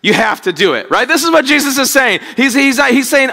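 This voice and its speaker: A man's voice: extremely high pitch, very animated, brisk, few pauses, pushed and bright, big-room sound. A man preaching a conversational sermon, often repeating words and acting out quoted speech. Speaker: pastor.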